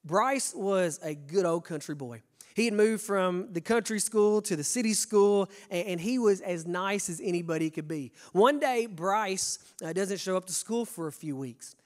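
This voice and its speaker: Young kentucky preacher guy, high voice, folksy and lively, talks right to the pews. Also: moderate pace. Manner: folksy, animated, addresses the congregation directly. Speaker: pastor. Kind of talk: sermon.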